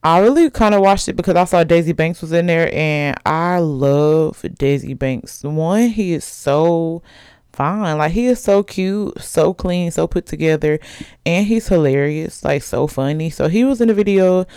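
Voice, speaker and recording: A woman's voice: on the low side, measured pace, darkish tone, clear, resonant tone, dry recording, studio quality. A young woman hosting a podcast in casual chat, gossipy and chatty, laughing often. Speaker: podcast host.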